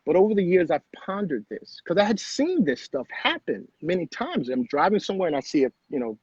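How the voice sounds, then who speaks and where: Husky middle-aged man, earnest storyteller. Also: fairly high pitch, big pitch swings, brisk, a little mellow, no room sound, lo-fi sound. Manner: earnest, repeats phrases for emphasis. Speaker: guest. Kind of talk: personal storytelling in conversation.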